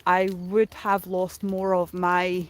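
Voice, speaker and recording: A woman's voice: lowish voice, monotone, slow. A middle-aged woman, casually retelling a story on a livestream in a rambling way full of fillers, likes and ums. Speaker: streamer.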